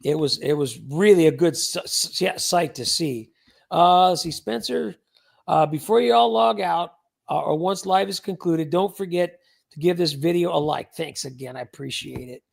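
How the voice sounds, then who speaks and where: A man with a high voice and a gravelly, creaky texture hosts a relaxed livestream. He chats loosely and reads out viewers' names as he goes. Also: normal speed. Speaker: livestream host. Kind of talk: casual livestream chat.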